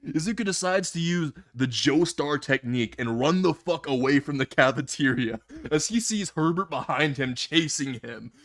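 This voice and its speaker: A man's voice: on the high side, expressive, moderate pace, a bit bright. A man telling a comedic fan-fiction story in a casual way, laughing at his own jokes and swearing freely.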